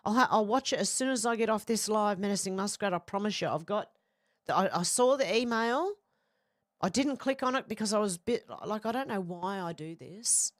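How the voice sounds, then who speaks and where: A woman's voice: medium pitch, brisk, dry recording, studio quality. Chatty Australian woman reading live chat. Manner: chatty, reads comments aloud, blunt and swears. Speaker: livestream host reading chat.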